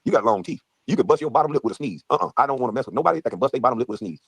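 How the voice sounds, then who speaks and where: A man tears through a heated rant at a rapid clip, mocking and trash-talking, laughing between jabs. His voice is husky and swings widely in pitch. The recording is dry and close. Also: lively intonation, dry recording. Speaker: guest streamer. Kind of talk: heated ranting chat.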